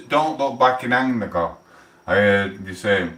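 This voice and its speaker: A man with a Sheffield accent, chatting casually on a live stream, rambling and swearing with loud outbursts. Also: on the low side, a little slow, echoey room, distant mic. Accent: Sheffield, South Yorkshire. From England.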